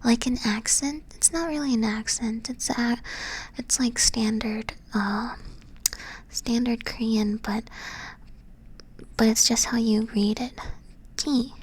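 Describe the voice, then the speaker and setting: Woman, close-mic ASMR whisperer, slightly high, unhurried, patient teacher. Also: steady tone, breathy edge, rough recording. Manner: soft unvoiced whisper, patient, self-correcting. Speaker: ASMR streamer teaching Korean. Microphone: close ASMR microphone.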